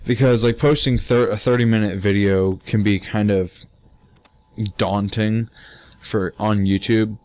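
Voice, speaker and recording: A man's voice: lowish voice, fairly even intonation, measured pace, darkish tone. A teenage man giving casual gameplay commentary, tired, rambling with many fillers and restarts and casual swearing. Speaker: let's play gamer.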